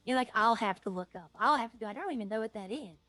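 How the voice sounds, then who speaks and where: A woman streaming a roleplay game, talking casually as she plays. She rambles, trails off and restarts her thoughts. Her voice sits a little high and sounds dry and close, with faint music behind her. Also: expressive, fast, pushed and bright, no room sound. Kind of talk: casual streaming chat while playing.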